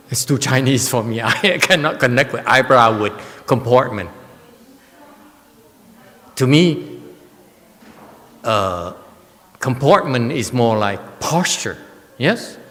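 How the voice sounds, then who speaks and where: Slow-talking teacher in an echoing hall. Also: male voice, medium pitch, a bit bright. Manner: teasing, chuckling, wryly joking with listeners. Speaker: Buddhist teacher. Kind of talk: Dharma lecture. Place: temple hall.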